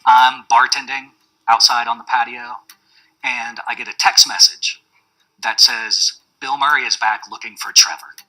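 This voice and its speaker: A man giving a documentary interview, telling a story in a relaxed way. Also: mid-range voice, unhurried, rough recording. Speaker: bar staff interviewee.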